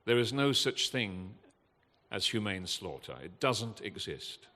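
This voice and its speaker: An older man, giving an impassioned, earnest talk from a festival stage, halting with fillers now and then. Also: fairly low pitch, lively intonation, bright, forceful tone. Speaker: guest speaker at a festival. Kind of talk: emotional public talk. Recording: long hall reverb.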